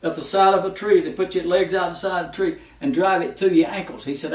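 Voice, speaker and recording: A man's voice: sits high, steady tone, fast, recorded from a distance. A man preaching a folksy sermon full of stories and repeated warnings. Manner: folksy, repetitive warnings with anecdotes. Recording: echoey room, speaker off-mic.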